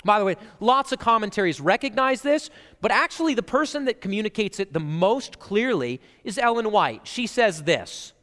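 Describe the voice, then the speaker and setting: A man preaches a casual, conversational sermon in a high voice that rises and falls with lively energy. He keeps checking in with his listeners through frequent asides. His voice rings through a reverberant church hall with a long echo. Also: moderate pace, few pauses. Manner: animated and chatty, with frequent "like" and "right?" asides. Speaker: pastor.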